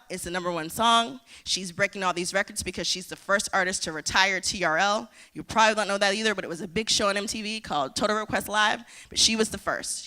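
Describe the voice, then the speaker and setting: Bright-voiced woman giving a talk. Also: medium pitch. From United States. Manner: storytelling, acting out quoted dialogue. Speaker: conference speaker. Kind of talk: motivational conference talk.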